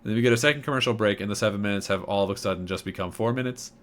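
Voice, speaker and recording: A man's voice: lowish voice, rapid-fire, a bit bright. A man co-hosting a podcast, casually recapping an episode and acting out characters' lines in mocking voices. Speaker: podcast co-host.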